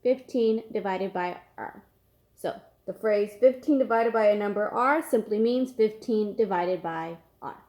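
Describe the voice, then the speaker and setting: Woman teacher, patient, slow repeated steps, mid-pitched voice, math lesson. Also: a little mellow. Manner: patient, repeats each step slowly.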